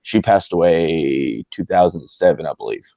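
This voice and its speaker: Low-voiced man on a muffled call. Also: animated, moderate pace, gravelly, dark tone, no room sound. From Pennsylvania, near Philadelphia. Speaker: caller. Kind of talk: casual chat. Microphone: phone or webcam on a video call. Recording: muffled dry video-call audio.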